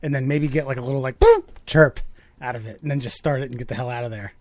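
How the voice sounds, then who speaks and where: A man's voice: medium pitch, fairly even intonation, racing, a little mellow, no echo. A man in his late thirties co-hosting a podcast, telling a rambling story, swearing freely and mimicking voices. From Baltimore area, USA. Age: 30s. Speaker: podcast co-host. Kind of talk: casual podcast banter.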